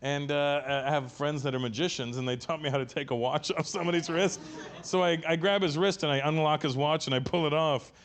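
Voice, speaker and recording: A middle-aged male stand-up comedian telling an animated, profane story on stage and acting out the other people in it. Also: a little high, brisk.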